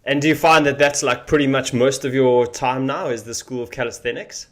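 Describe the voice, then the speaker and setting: An upbeat man hosting a casual podcast, his voice sitting at a middle pitch. He asks his guests questions loudly and with energy. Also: steady tone, fairly quick. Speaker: podcast host.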